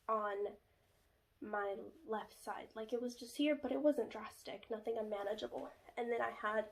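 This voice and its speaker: A young woman vlogger telling a personal story in a chatty, confiding way, full of "like" and "you know," sometimes dropping to a hushed whisper. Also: on the high side.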